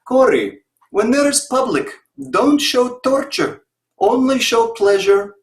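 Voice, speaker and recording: A man's voice: very high voice, very animated, takes it slowly, pitched above the performer's own voice, exaggerated voice. Man putting on a blunt Russian circus coach. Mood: commanding. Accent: Russian, put on. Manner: blunt clipped broken-English commands. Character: gruff fifty-something male Russian circus coach. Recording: echoey room, distant mic.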